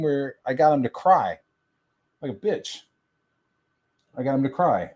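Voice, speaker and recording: A man's voice: medium pitch, very animated, moderate pace, long pauses, darkish tone. A young man on a stream, ranting in a rambling way and swearing heavily. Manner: crude, rambling, heavy swearing. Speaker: stream guest. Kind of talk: profane ranting stream talk.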